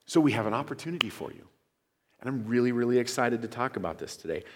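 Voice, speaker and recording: A pastor speaks to his church in a mid-range, animated voice, talking fast. He's earnest and conversational, sharing announcements with enthusiasm, and the sanctuary gives a long hall reverb.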